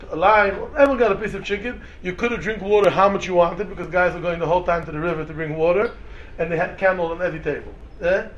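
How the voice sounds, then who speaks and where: A man's voice: high voice, highs cut off. Man, rabbi, Torah lecture, rhetorical questions, faint noise behind. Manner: animated, rhetorical questions, mixes in Hebrew and Yiddish terms. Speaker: rabbi teaching students. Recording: echoey room, faint background noise.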